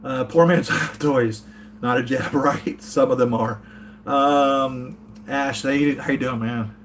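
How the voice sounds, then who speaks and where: A man's voice: medium pitch, steady tone, slow pace, fairly bright tone. Brief: rambling, earnest American male toy-collector host at home, mid-range voice, faint background hum. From United States. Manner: rambling, earnest, reads chat comments aloud. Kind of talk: casual live-chat vlog.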